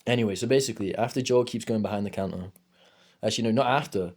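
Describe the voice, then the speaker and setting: A young man with a somewhat low voice tells a long, rambling story while playing a game. He is loose and casual, swears freely, and keeps dropping "bro" into every other line. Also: quick pace, a little mellow. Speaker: gaming streamer.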